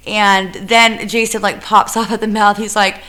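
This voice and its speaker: A woman's voice: medium pitch, little pitch movement, a little slow, sharp tone. A woman who co-runs a music venue telling a story in a casual interview, rambling with fillers and self-corrections.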